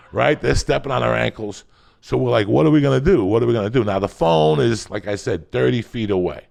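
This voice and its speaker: A man with a deeply gravelly, rough-edged voice at a middle pitch spins a profane comic story as a podcast guest. He lurches from loud, shouted bursts down to low, muttered asides.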